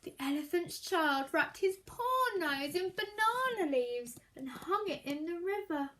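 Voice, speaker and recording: A woman's voice: extremely high pitch, lively intonation, a little slow, pushed and bright, slight background noise. A woman reading a children's story aloud at storytime, expressively, and stopping to explain words for young listeners. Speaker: storytime reader.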